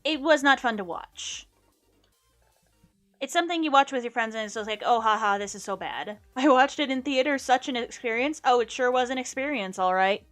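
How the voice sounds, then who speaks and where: Young female streamer, casual, self-deprecating, fairly high voice, light music bed. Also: brisk. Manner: chatty, self-mocking, hums little sound effects. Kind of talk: casual gameplay chat. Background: soft music.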